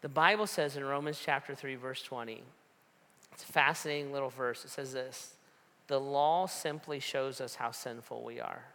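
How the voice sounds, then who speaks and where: Forceful, bright-voiced male preacher. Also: medium pitch, fairly even intonation, normal speed, in a large hall. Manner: conversational preaching with storytelling and repeated rhetorical questions. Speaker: pastor. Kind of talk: sermon.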